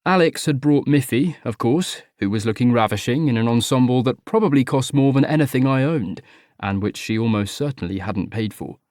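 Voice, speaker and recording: A man's voice: medium pitch, expressive, moderate pace, darkish tone, no echo. Guy reading an audiobook, wry and chatty, mid voice, dry close mic. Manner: wry, conversational. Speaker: audiobook narrator. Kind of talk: first-person audiobook narration.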